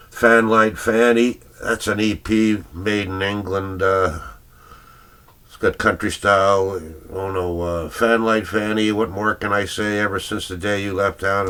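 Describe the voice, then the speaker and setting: Older guy flipping thru old 45s, slow easygoing talk, kinda rambly and chuckly. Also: lowish voice, fairly bright tone. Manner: rambling, chuckling, searching for names aloud. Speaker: record collector showing his 45s. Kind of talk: casual rambling record browsing.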